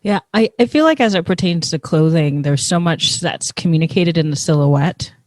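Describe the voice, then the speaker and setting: A speaker in a casual conversation, talking in a thoughtful, measured way that restarts phrases to find the words. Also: medium pitch, darkish tone, no room sound, studio quality.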